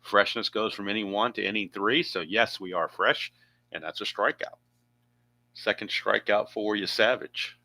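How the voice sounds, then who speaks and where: A man's voice: lowish voice, fairly even intonation, moderate pace, vocal fry, bright, forceful tone, no room sound. A man narrating his own tabletop baseball game play by play, chatty and thinking aloud with asides.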